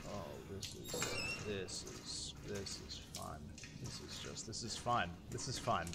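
A man's voice: low-pitched, slow, gravelly. Jumpy swearing gaming streamer man. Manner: jumpy, swearing, talking to chat. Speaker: game streamer. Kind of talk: live gameplay commentary.

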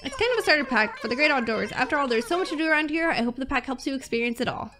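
A woman's voice: high-pitched, lively intonation, very fast, music in the background. A woman reading the lines of an upbeat, helpful young female assistant from a game's dialogue boxes. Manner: reading on-screen dialogue aloud.

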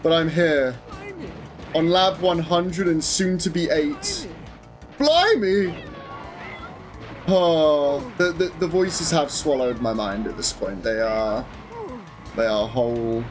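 A young man commentating his own live game stream, excitable, swearing and chatting to viewers over game music. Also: fairly high pitch, takes it slowly.

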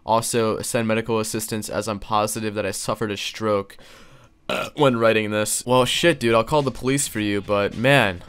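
A man's voice: lowish voice, fairly even intonation, normal speed, fairly bright tone, smooth. A young man hosting his channel, reading fan fiction aloud and breaking in with crude, sarcastic jokes. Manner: crude, sarcastic, joking asides. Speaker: YouTube host.

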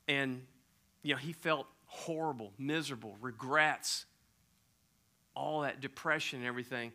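A man's voice: mid-range voice, moderate pace. A middle-aged man preaching a sermon as a pastor, retelling a story animatedly and dropping to near-whispers for effect. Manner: animated, swinging from loud emphasis to near-whispers.

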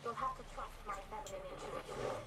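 A woman's voice: medium pitch, fairly quick, bright, forceful tone, slight background noise, natural voice. An actress playing a poised, haughty female sorceress in a video game.

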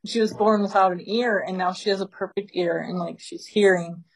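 A woman leads a small group with casual, lively stories, breaking into laughter again and again. Her voice sits at a middle pitch. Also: brisk, husky, low-quality recording. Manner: animated, laughing often while telling stories. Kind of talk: casual storytelling teaching.

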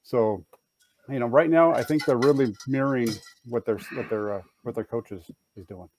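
A man on a sports talk panel, thoughtful and a little halting. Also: mid-range voice, darkish tone, a little hiss or hum.

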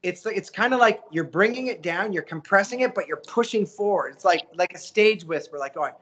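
Animated man telling voice-acting stories. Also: sits high, brisk, slightly rough. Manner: animated, acts out quotes, coaching. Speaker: voice actor guest. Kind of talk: casual interview storytelling.

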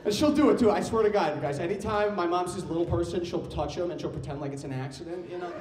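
A man's voice: high-pitched, quick pace. A young man performing a stand-up comedy set in a club, talking to the crowd in a brash, loose and playful way. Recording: roomy live club sound, distant mic. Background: audience laughter.

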